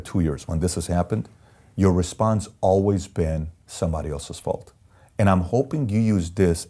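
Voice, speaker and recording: An entrepreneur guest with a deep voice is being interviewed, telling candid stories in an animated, emphatic way and repeating key phrases.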